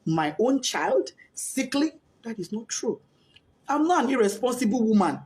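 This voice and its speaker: A woman's voice: on the high side, big pitch swings, normal speed, darkish tone. A Nigerian woman, a grieving mother, giving a tearful, distraught testimony, pleading and repeating herself in rising outbursts. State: crying, distraught. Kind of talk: emotional testimony.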